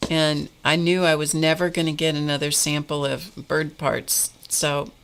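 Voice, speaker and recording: A woman with a low voice talks slowly and easily while she paints on a live stream. She drifts into long personal stories, then breaks off to greet viewers in the chat by name. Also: flat delivery, a bit bright. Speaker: art instructor hosting a live painting stream.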